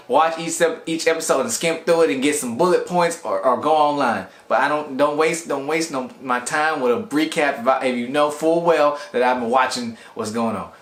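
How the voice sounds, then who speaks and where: A man's voice: medium pitch, fairly quick, hardly any pauses. A man rambling through a casual anime episode review in a chatty, loose way. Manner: rambling, chatty, animated quoting. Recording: echoey room.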